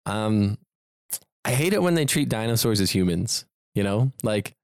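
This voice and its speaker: Low-voiced man, animated casual podcast chat. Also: normal speed, smooth, no room sound, clean studio sound. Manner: animated, acts out scenes in quoted voices, laughs often. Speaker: podcast co-host.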